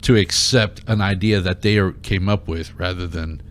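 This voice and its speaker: A man's voice: deep voice, fairly even intonation, normal speed. A man on a podcast in casual discussion, adding short, dry remarks. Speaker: podcast co-host.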